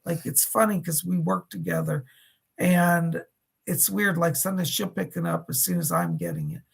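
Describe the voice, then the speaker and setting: A middle-aged man hosting live psychic readings, chatting warmly with viewers by name and relaying messages. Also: on the high side, sing-song, normal speed, gravelly, husky. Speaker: psychic medium host.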